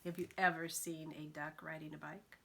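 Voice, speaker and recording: A woman librarian reading picture books aloud to young children, gentle and expressive. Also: low-pitched, normal speed, vocal fry, a little hiss or hum. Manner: gentle, expressive storyteller for toddlers.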